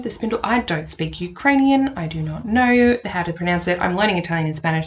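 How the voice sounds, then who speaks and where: A woman's voice: fairly low pitch, expressive, brisk, few pauses. A woman hosting a casual book review vlog, chatty and enthusiastic. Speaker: tarot reader and YouTube host.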